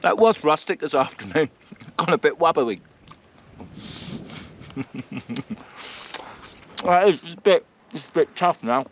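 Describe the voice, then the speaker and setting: Lively, chatty man outdoors. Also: fairly high pitch, unhurried, long pauses, muffled recording, slight background noise. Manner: chatty and self-mocking, laughs often. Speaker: vlogger. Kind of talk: casual vlog chat to camera. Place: outdoors at a countryside campsite.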